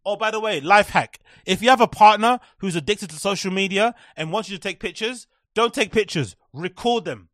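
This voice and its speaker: A man with a high voice delivers sarcastic, profanity-laced commentary as a podcast host. His sound is dry and close, with no room around it. He slips into mocking impressions mid-rant. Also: moderate pace, hardly any pauses, a bit bright, dry recording. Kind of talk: comedic commentary on clips.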